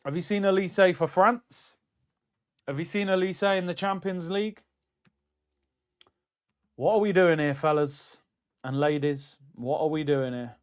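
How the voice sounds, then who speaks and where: A man hosting a casual football livestream, talking in an animated, chatty way and answering comments from his chat. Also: on the high side, a little slow, long pauses, clear, resonant tone. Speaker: football streamer.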